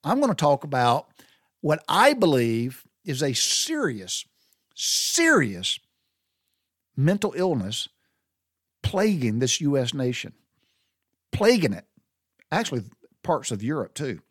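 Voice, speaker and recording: A man's voice: medium pitch, wildly swooping pitch, takes it slowly, long pauses, breathy edge, no room sound, studio quality. An older man, hosting a casual solo podcast in a rambling, profane, folksy way. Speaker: podcast host.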